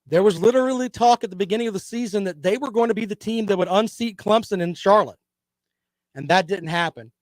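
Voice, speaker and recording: A man's voice: high-pitched, fast, hardly any pauses, a little mellow, no room sound. A man hosting a casual live-stream sports talk show, giving opinions and reading viewer comments.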